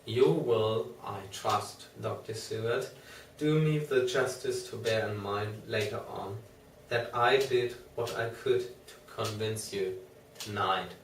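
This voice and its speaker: A man's voice: on the low side, slow pace. A man voicing a frantic male asylum inmate who begs tearfully for his release, in an audiobook reading. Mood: quiet, dignified. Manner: desperate, tearful pleading. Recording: roomy, distant mic, faint noise.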